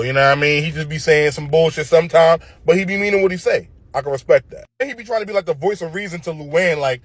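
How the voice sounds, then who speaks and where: A man's voice: fairly high pitch, a bit bright, no echo. A man ranting casually about cartoon characters, profane and opinionated, full of slang and tag questions. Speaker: show commentator. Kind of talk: casual commentary rant.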